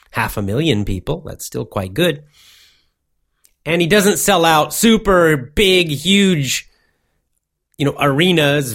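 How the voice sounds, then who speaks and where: Slow, repetitive man teaching English. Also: on the high side, a bit bright. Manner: slow, simple wording with many repetitions. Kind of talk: motivational English lesson.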